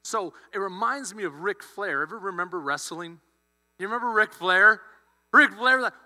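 A male pastor telling a story in a sermon, animated, acting out the characters' lines. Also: very high-pitched, normal speed. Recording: long hall reverb with mains hum.

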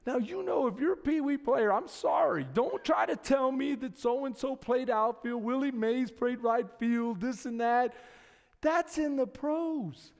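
A middle-aged pastor preaches to his congregation in a church sanctuary, telling stories with animation and calling out to the people there. His voice is very high, unhurried and gravelly, carried by the long reverb of a large hall.

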